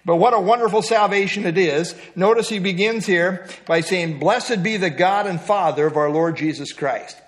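A man's voice: high-pitched, moderate pace, few pauses, fairly bright tone. A middle-aged man teaching an evening Bible study in a conversational way, asking his listeners questions. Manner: conversational, asks the group questions.

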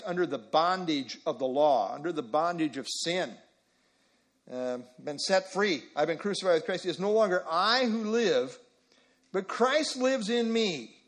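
A man with a high voice preaches an expository sermon, reading scripture aloud and explaining it. He repeats key phrases and uses frequent fillers.

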